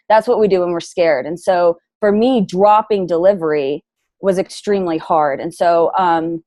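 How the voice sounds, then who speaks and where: A young adult woman speaking as an interview guest, frank and lively in casual chat. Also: lowish voice, normal speed, no echo. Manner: frank and lively, plays devil's advocate.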